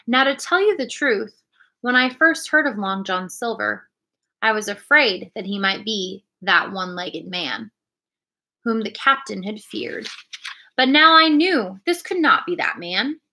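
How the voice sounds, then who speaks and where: Bright woman reading a storybook aloud. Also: mid-range voice, expressive, measured pace. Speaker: reader.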